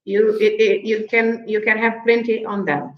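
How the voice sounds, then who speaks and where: A woman with a Portuguese accent appears as a language teacher guest on a talk show, a native speaker patiently explaining vocabulary, chuckling often and habitually asking "right?". Her voice is fairly high with little pitch movement, at normal speed. The audio is roomy and slightly dull.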